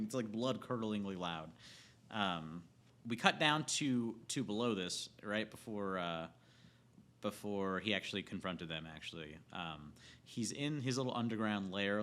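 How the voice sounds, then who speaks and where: A man with a bright, sharp-edged voice rants casually about a movie. He rambles, swears freely and keeps cracking himself up. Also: on the low side. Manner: profane, rambling, laughs often. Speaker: movie reviewer. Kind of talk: casual film rant.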